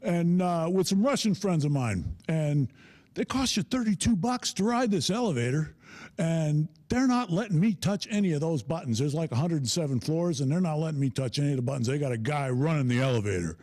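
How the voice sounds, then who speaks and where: A middle-aged man performing a stand-up comedy set, telling stories in an animated way and laughing at his own jokes. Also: a little high, fairly quick.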